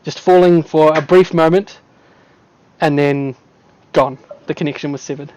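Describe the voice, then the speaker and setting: Man, game master, lively storyteller, quick to laugh; dry close sound. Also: a little high, no room sound, muffled recording. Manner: casual, laughs often, vivid storytelling. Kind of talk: narrating a tabletop game.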